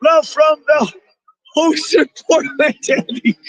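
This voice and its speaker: A man live-streaming outdoors at a rally, excitably shouting thanks to donors with a strained voice. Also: very high-pitched, takes it slowly, no echo, poor audio. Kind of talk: excited live-stream chatter reading donations.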